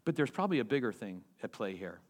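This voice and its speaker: A male pastor delivering a sermon in an animated way, using rhetorical questions and repeating key phrases for emphasis. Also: fairly low pitch, quick pace.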